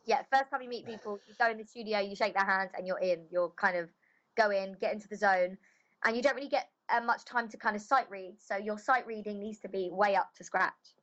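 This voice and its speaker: A woman's voice: medium pitch, fairly quick, fairly bright tone, lo-fi sound. A woman voice actress chatting casually in an interview, loose and full of filler phrases. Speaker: voice actress guest.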